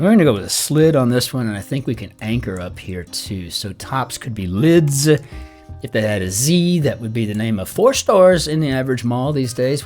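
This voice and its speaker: A middle-aged man solving a crossword aloud as host, chatty and rambling, muttering the clues half to himself. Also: medium pitch. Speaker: crossword solver and channel host. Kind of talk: casual think-aloud puzzle solving. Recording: soft guitar music underneath.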